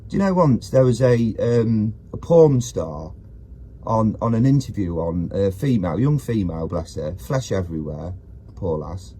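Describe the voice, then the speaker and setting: A man's voice: lowish voice, animated, moderate pace, warm tone, breathy edge. A man, ranting in a rambling casual video monologue, often breaking off mid-sentence. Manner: rambling, self-interrupting rant. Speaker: vlogger.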